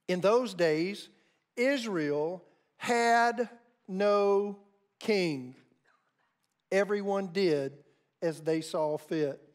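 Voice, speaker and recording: High-voiced American man preaching. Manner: measured preaching with deliberate spelled-out pronunciations. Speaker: pastor. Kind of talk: sermon.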